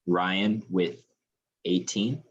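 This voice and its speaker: Man with a very deep, husky voice. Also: fairly even intonation, very slow, muffled recording. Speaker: scorekeeper. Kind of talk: casual chat, reading scores.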